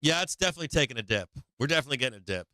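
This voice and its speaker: A man's voice: mid-range voice, expressive, rapid-fire, bright, forceful tone, no echo. A man hosting a stock market livestream, chatting casually and profanely with his viewers in a rambling way.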